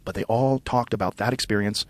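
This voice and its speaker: A man's voice: fairly low pitch, brisk. A man hosting a podcast in casual chat, enthusiastic and blunt, swearing freely. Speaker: podcast host.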